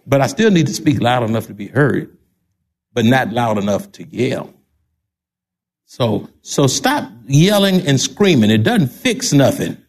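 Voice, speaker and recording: A man's voice: mid-range voice, very animated, a little slow. An older man with a Texan accent, a pastor preaching a sermon emphatically and repeating key phrases.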